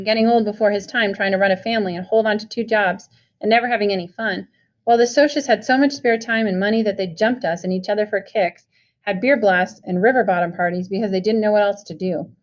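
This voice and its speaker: A woman reading a novel chapter aloud in a steady, expressive way. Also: medium pitch. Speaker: reader.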